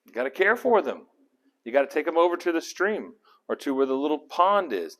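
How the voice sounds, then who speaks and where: A man's voice: fairly high pitch, fairly quick. A man leading a casual Bible study, talking through the passage and asking his group questions. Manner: animated, acts out characters' lines; conversational, asks the group questions.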